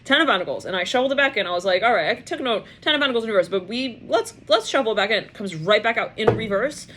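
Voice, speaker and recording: A woman's voice: on the high side, lively intonation, quick pace, fairly bright tone, a little hiss or hum. A woman giving a casual tarot reading, musing aloud in a rambling way and now and then mimicking the people she pictures. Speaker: tarot reader.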